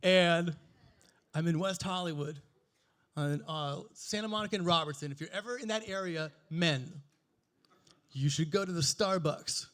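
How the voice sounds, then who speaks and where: A man in his forties with a notably high speaking voice performs stand-up. His delivery is crude, playful and self-mocking, and he riffs directly with the crowd. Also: moderate pace, fairly bright tone. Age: 40s. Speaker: stand-up comedian. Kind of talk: stand-up comedy set.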